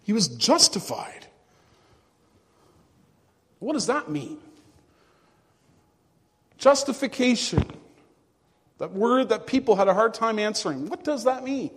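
A male pastor preaching a sermon to his congregation, earnest and emphatic, with hushed drops. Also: high-pitched, very animated, takes it slowly, long pauses, breathy edge, long reverb tail. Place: church.

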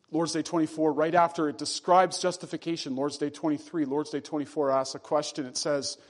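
A man preaching a sermon to his congregation, earnest and deliberate, slowing down and dropping his voice to stress key phrases. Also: a little high. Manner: earnest preaching, slows and drops for emphasis. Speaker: pastor.

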